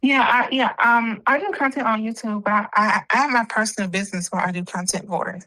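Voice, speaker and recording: A woman's voice: fairly high pitch, a little fast, sharp tone, rough recording. A woman answering interview questions in a hesitant, casual way, full of fillers. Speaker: interview guest. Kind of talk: casual chat.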